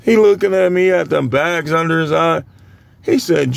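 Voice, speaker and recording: A young man casually telling work stories to the camera, animated and full of voice impressions. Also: a little high, normal speed, creaky, no echo. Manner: animated, imitates other people's voices mid-story. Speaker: vlogger. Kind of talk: casual storytelling.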